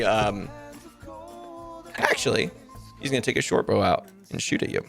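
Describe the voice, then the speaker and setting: A man's voice: medium pitch, fairly even intonation, fairly quick, a bit bright, soft background music. A man narrating as game master of a tabletop game, rambling with many ums and likes.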